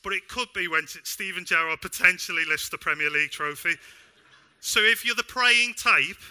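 A young man preaching a sermon in a church, animated and self-deprecating with bits of humor. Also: high-pitched, moderate pace, smooth. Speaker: pastor.

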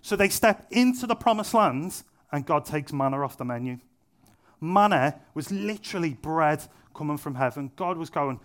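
With a slightly high, fairly bright voice and lively intonation, a young man preaches at normal speed in a church. His style is conversational and funny, full of self-deprecating humour and emphatic repetition.

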